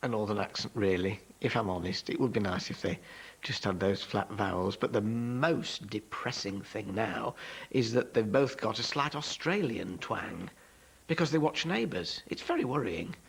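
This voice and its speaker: A man's voice: lowish voice, lively intonation, moderate pace, creaky, husky, poor audio. A man, speaking in a wistful, rueful way. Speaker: interviewee. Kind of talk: reflective chat.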